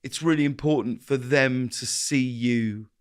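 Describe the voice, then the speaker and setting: Earnest man, halting and reflective. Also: mid-range voice, clear, resonant tone, no echo, clean studio sound. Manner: earnest, halting restarts, acts out dialogue. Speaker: guest. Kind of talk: reflective interview conversation.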